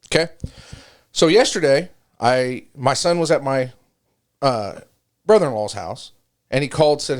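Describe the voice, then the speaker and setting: A man's voice: mid-range voice, normal speed. A middle-aged man on a casual podcast, telling a joking, profane story. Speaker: podcast co-host. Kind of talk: casual chat.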